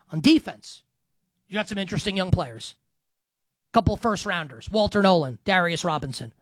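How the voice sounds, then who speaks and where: Animated sarcastic football analyst, man. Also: sits high, no room sound. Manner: animated, sarcastic, breaks into sung bits. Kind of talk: solo sports commentary.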